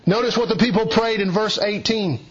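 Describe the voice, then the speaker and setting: A man preaching a sermon, emphatic, dropping low and hushed, then rising with urgency. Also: fairly quick. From Eastern Kentucky. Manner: emphatic, swings between low hushed lines and raised urgent ones. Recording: dull lo-fi sound.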